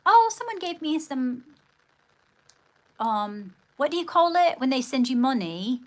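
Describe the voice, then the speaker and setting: A woman's voice: high voice, sing-song, a little slow. A woman hosting a casual livestream, chatting with viewers and thanking them, often calling them darling. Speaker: livestream host.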